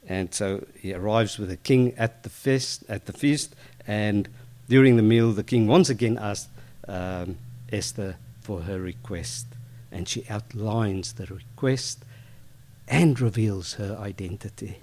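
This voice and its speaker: A man's voice: medium pitch, measured pace. Conversational man retelling a story. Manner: lively and conversational, with fillers and self-corrections. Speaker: Bible storyteller. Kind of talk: informal retelling of a Bible story.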